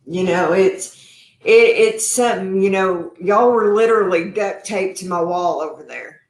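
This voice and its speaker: A woman's voice: medium pitch, a little slow, reverberant. A woman hosting a live cooking stream from her home kitchen, chatty and effusive, calling her viewers y'all. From Texas. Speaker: cooking show host.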